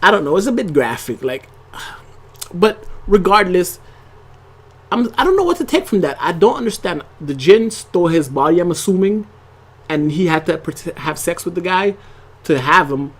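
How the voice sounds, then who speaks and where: A channel host talks through a TV episode in a loose, conversational way. The voice sits mid-pitch and moves at an ordinary pace. The delivery keeps circling back with asides and quick check-ins to the viewer. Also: big pitch swings, slightly rough. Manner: rambling and conversational, leaning on "like" and tag questions. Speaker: TV show reviewer and channel host. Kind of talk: casual episode review to camera.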